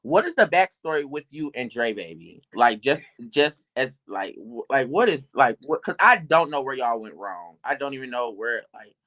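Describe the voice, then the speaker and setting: Playful, animated woman hosting a live show. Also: very deep voice, moderate pace, few pauses. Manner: loud, playful, calls people sister. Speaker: livestream show host. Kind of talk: casual chat.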